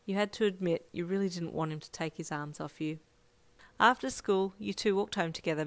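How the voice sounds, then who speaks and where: Woman reading a second-person romance story. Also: fairly low pitch. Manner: steady read-aloud with small slips. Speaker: fanfiction reader.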